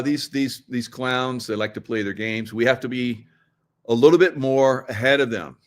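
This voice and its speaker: Rambling, conspiratorial man chatting live. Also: mid-range voice. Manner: rambling, conspiratorial, laughs often. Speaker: livestream host. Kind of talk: casual live chat to viewers. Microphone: computer mic, screen sharing.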